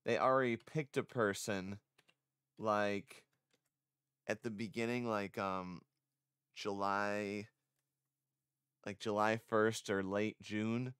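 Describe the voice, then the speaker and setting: A man's voice: fairly low pitch, fairly even intonation, slow pace, long pauses, a bit bright, clean tone, dry recording, clean studio sound. A man streaming casually, rambling and self-conscious, a little congested. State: slightly congested. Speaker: vtuber streamer.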